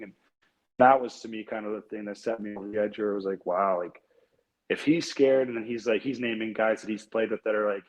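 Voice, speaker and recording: Young man, earnest low-voiced storyteller. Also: steady tone, a little fast, rough recording. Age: young adult. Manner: earnest storytelling, many fillers and repeated "like". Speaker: guest, hockey player. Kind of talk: casual interview conversation.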